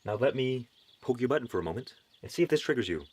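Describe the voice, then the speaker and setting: A man's voice: mid-range voice, expressive, quick pace, darkish tone, breathy edge. Earnest man giving a spiritual pep talk. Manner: preachy, earnest, wry asides. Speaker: spiritual motivational speaker.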